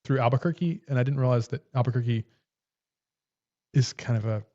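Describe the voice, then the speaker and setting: A man's voice: mid-range voice, fairly quick, warm tone. Man chatting on a lo-fi livestream. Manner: rambling, shows and demonstrates tools on camera. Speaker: livestream co-host. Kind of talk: casual livestream chat.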